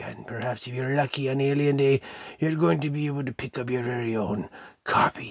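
A man's voice: medium pitch, vocal fry, breathy edge, no echo. A man hosting an unboxing vlog in a theatrical, showman-like way, playfully hamming it up for the audience and now and then slipping into mock-pirate phrasing. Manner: showman-like, addressing the audience as ladies and gentlemen. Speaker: toy and cereal reviewer.

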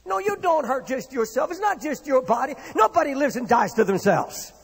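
High raspy preacher in an echoey hall. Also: male voice, sing-song, normal speed. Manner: impassioned, dramatic preaching with acted-out quotes. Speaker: pastor. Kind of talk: sermon.

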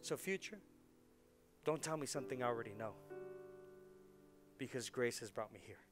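A man in his forties, a pastor preaching a lively sermon, laughing often and repeating words as he gets worked up. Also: mid-range voice, moderate pace, over music. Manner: animated, laughing, repeats words when excited.

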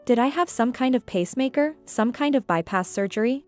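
A bewildered middle-aged father, weak after surgery, asking confused questions, as a woman narrator reads him. The voice is fairly high, with faint music behind. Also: expressive, fairly quick, darkish tone, close to an everyday voice.

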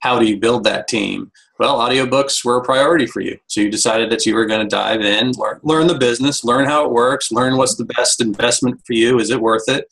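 A man's voice: mid-range voice, fairly quick, gravelly, few pauses, fairly bright tone, low-quality recording. Man agreeing emphatically in an interview. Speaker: interview guest. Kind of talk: casual interview chat.

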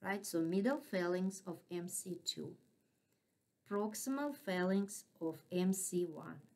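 A woman with a non-native English accent, lecturing on anatomy at an unhurried pace. She names each part slowly and keeps asking if the class is following. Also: fairly low pitch, a little mellow. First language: not English. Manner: patient, checks in with frequent "right?". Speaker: anatomy instructor.

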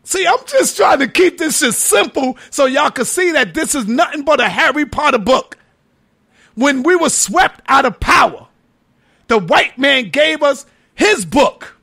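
A man giving a heated, profane preaching-style lecture, mocking his critics and often shouting for emphasis. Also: very high-pitched, animated, a little slow. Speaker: religious lecturer.

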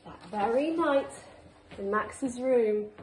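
Slow, expressive woman reading to children. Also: on the high side, a little hiss or hum. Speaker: teacher. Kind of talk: reading a picture book aloud to children. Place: school classroom. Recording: echoey room.

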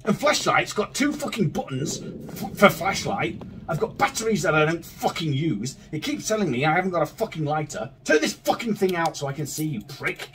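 A man's voice: on the high side, sing-song, fairly quick, background noise. A man commentating a horror game as he plays, swearing constantly and arguing back at it in an agitated way. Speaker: gaming video creator. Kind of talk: let's play commentary. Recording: distant mic with faint game music.

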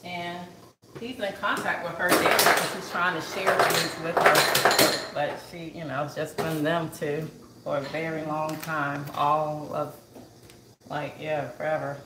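A woman's voice: deep voice, little pitch movement, unhurried. A woman chatting emotionally to viewers on a cooking livestream from her home kitchen, close to tears. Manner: emotional and tearful, calls viewers y'all. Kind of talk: casual chat to viewers. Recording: echoey room with background noise.

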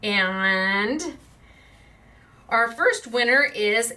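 A woman hosting a chatty craft video, bubbly and excited, often breaking into laughter. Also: mid-range voice, moderate pace. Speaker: craft shop owner and video host.

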